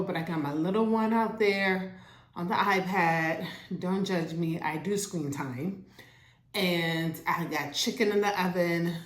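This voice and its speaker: Chatty woman recapping a show at home. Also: fairly low pitch. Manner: chatty, animated, acts out characters' lines. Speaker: TV show reviewer. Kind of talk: casual show recap to camera. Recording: roomy echo.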